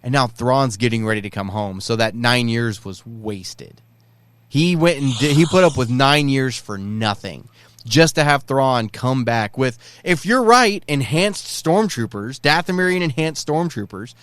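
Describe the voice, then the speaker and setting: A man co-hosting a casual chat podcast, an excited fan who acts out quoted lines. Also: medium pitch, unhurried, no echo. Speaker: podcast co-host.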